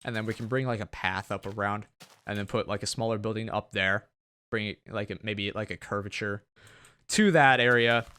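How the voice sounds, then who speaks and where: A man's voice: lowish voice, normal speed, bright, forceful tone, clean tone. A young man from Tennessee with a Southern accent, rambling and joking casually while he plays a game and comments on it, with a sore throat. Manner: rambling, chatty, self-joking. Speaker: gaming channel host. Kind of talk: Let's Play gameplay commentary.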